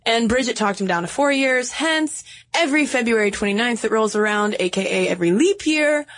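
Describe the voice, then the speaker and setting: A woman's voice: on the high side, expressive, brisk, a bit bright. A woman co-hosting a podcast in casual chat, playful, reading quotes aloud with mock drama. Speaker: podcast co-host.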